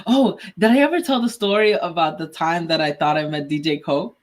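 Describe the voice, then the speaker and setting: A woman's voice: lowish voice, a little fast. Chatty woman co-hosting a tech podcast. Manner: chatty, laughs often, acts out quoted lines in storytelling. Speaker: podcast co-host. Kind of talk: casual tech podcast chat.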